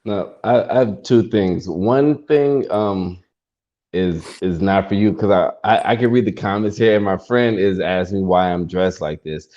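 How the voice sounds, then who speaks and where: A man with a low, mellow voice hosts a casual video chat from his garage. He asks curious questions in halting bursts, and the sound is muffled and lo-fi. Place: cold garage. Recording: dull lo-fi sound.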